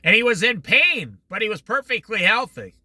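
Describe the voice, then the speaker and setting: A middle-aged man teaching an informal Bible study, telling stories with lively quoted voices. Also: sits high, normal speed, dry recording. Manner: animated storytelling with quoted voices.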